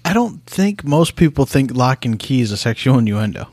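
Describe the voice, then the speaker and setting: A man with a middle pitch banters on a casual podcast. He teases his co-host and jumps in with sarcastic questions. The sound is close and dry. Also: very animated, normal speed, darkish tone, no room sound. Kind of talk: casual chat.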